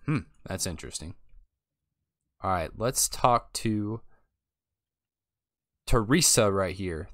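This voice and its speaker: A man's voice: low-pitched, animated, a little slow, gravelly, long pauses, a bit bright, dry recording, studio quality. A young man giving casual, chatty gameplay commentary and thinking aloud as he plays. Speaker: let's play host.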